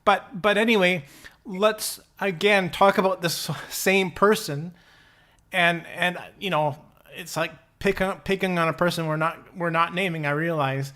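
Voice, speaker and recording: A man co-hosting a podcast, speaking haltingly with constant restarts and fillers. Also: high voice, fairly even intonation, sharp tone. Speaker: podcast co-host. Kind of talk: podcast discussion.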